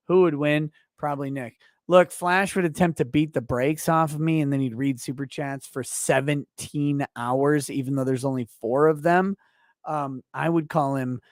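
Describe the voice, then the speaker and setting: Slightly tipsy, a livestream host rants through viewer donations, reading them out loud with lots of swearing and lurching from yelling to mumbling. His voice sits a little high, and the studio-quality recording has no echo.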